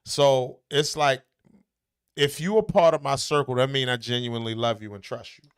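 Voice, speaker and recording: A man's voice: medium pitch, normal speed, clear, resonant tone. A man talking casually, blunt and profane, with emphatic, brash delivery. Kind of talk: casual chat.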